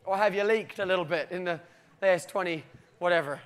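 High-voiced British preacher telling a story. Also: male voice, fairly quick. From Britain. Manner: animated storytelling with frequent laughter. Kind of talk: sermon with personal story.

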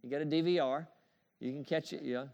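A man delivers a sermon in a high, ringing voice. He preaches emphatically, repeats key phrases and draws amens from his listeners, now and then chuckling between points. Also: fast talker, vocal fry, a little mellow, dull audio. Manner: emphatic, repetitive call-and-response preaching with chuckles. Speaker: pastor.

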